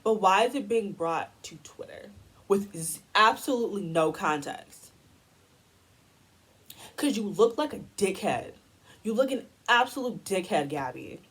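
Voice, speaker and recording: A young woman delivers a heated, profanity-laced commentary rant. Her voice is slightly husky and sits at a middle pitch. She sounds exasperated and blunt throughout. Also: expressive, measured pace, a bit bright, poor audio. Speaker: commentary YouTuber. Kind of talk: ranting commentary.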